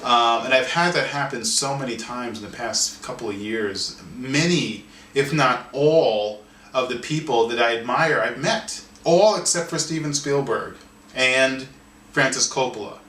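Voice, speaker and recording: A man, an artist and author, telling a story in an interview in an animated way, often restarting and repeating words. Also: mid-range voice, a little slow. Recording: roomy sound from a distance, faint ambience.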